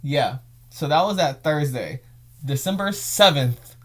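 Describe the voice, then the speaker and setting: A man's voice: on the high side, lively intonation, a little slow, a bit bright. A young man hosting his own show, telling an emotional story in a rambling, repetitive way. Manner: rambling, emotional, repeats phrases. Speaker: podcast host. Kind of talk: casual storytelling vlog.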